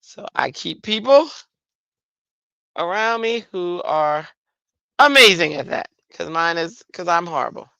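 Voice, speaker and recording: A woman chats casually through a late-night craft stream, her voice bright and forward. She tells stories with animated asides, recorded close and dry with no room sound. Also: fairly low pitch, measured pace, vocal fry, long pauses, clear, resonant tone, dry recording, muffled recording. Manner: chatty, animated storytelling with playful voiced asides. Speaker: livestream craft host. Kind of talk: casual chat.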